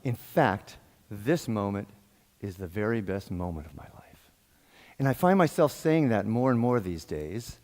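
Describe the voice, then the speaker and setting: A man giving a sermon as a guest minister, telling jokes and stories, laughing often and acting out the dialogue in his stories. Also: medium pitch. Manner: animated, laughs often, acts out quoted dialogue. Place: church sanctuary. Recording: long hall reverb.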